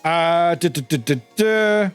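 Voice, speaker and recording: A man's voice: a little high, lively intonation, takes it slowly, clear, resonant tone, faint music behind. A man streaming a game, chatting casually and giggling as he stumbles through reading text aloud. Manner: giggly, stumbles over words and restarts readings.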